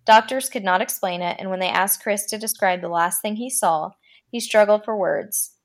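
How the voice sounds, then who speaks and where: Woman podcast host reading creepy stories, gravelly voice, draws out the scary bits. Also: mid-range voice. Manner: dramatic reading, slows down for creepy lines. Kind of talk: reading a horror story aloud.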